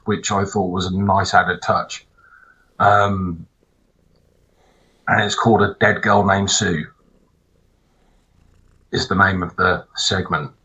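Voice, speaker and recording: A man co-hosting a podcast, telling stories in a loose, animated, sweary way. His voice sits fairly low but has a bright, forceful edge. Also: poor audio. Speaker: podcast co-host. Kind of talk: casual chat.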